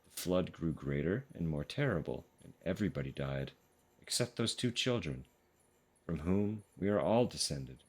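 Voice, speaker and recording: A rambling, folksy gourd grower tells an old flood story with homely pride, as a man reads his message aloud. The voice sits very deep and low. He strolls through the tale like a neighbour chatting across a fence, in a game letter. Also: lively intonation, normal speed, a little mellow.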